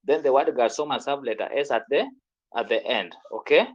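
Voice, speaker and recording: A man's voice: mid-range voice, a little fast, dull audio. Man, French teacher, repetitive drilling, online lesson. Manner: repeats words, quizzes the student.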